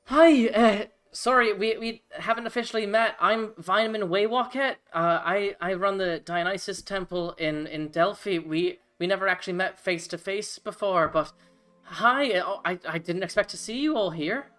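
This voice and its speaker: A man's voice: high-pitched, moderate pace, fairly bright tone, soft background music, pitched above the performer's own voice. A man voicing a flustered, chatty female gnome cleric who stammers eagerly.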